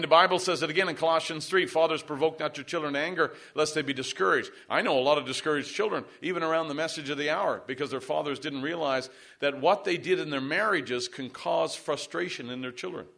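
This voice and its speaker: A man's voice: fairly high pitch, gravelly, sharp tone. A middle-aged male pastor preaching a sermon, pressing points with emphasis and calling for amens from the congregation.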